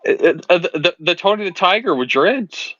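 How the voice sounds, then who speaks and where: A man's voice: high-pitched, lively intonation, moderate pace, fairly bright tone, no echo, dull audio. A man bantering and teasing on a casual live stream, stammering through restarts. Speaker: co-host guest.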